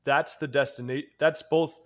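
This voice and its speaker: A man's voice: fairly high pitch, fairly even intonation, moderate pace, fairly bright tone. A man from New York with a New York accent, co-hosting a casual podcast chat and telling a long story in a rambling way, with casual swearing and frequent laughs. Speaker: podcast co-host.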